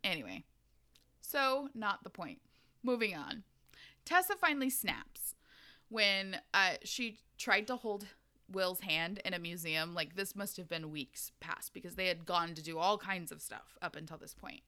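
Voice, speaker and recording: A woman's voice: on the low side, expressive, measured pace, pushed and bright. A woman hosting a casual chat about a book, talking loosely with lots of "like" and swearing. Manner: chatty, profane, filler-heavy, giggly. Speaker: podcast host recapping a book.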